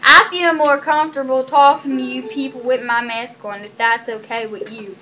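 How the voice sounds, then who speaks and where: A woman hosting a silly comedy sketch in a deliberately fake accent, playful and breaking into loud scolding. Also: high voice, steady tone, highs cut off, background noise. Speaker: comedy video host.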